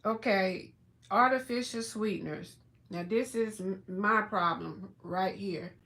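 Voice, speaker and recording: Woman, livestream host, casual chat, unhurried, drawn-out, middle pitch, at home. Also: fairly bright tone. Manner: chatty, slow, drawn-out words, many fillers. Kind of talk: casual livestream chat, reading labels aloud.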